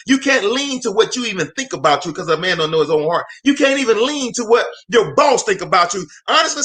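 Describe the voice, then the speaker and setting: A man from Alabama delivers a motivational talk in the cadence of a preacher. His voice sits high and rings bright. He repeats his lines for emphasis and calls out to listeners by name. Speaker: motivational host.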